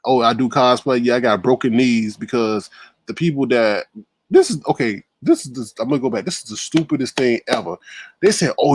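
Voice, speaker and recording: A man hosting a casual livestream, lively and exclamatory, dropping to low mutters between points. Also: no echo. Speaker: livestream host.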